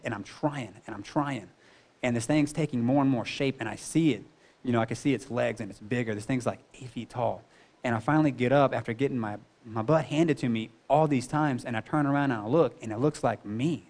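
A man in his thirties sharing a personal testimony, earnest and conversational, leaning on "you know" as he talks. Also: medium pitch.

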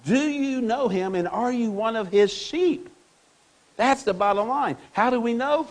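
A man's voice: very high voice, measured pace. A man preaching a sermon, reading scripture aloud and pressing his point with rhetorical questions and repetition. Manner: reads scripture aloud to the congregation. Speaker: pastor.

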